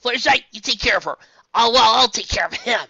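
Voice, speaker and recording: A woman voicing a cocky, tomboyish flying mare pony who speaks loudly and bossily in a fan storybook reading. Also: on the high side, quick pace, husky, dry recording, muffled recording, voice pushed up, exaggerated voice. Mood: bossy. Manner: loud, bossy and exasperated.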